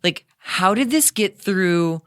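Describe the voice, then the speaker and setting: A man appearing as a podcast guest, chatting casually in an excitable, joking way. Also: high voice, takes it slowly, clean tone. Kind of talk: casual chat.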